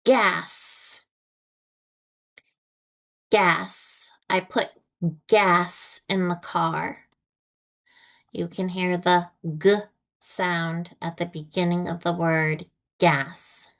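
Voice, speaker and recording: Very slow, deliberate American woman teacher. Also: fairly low pitch, steady tone, vocal fry, fairly bright tone. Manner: deliberate, repeats each word with long pauses. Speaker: ESL teacher. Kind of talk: slow, clearly enunciated phonics lesson.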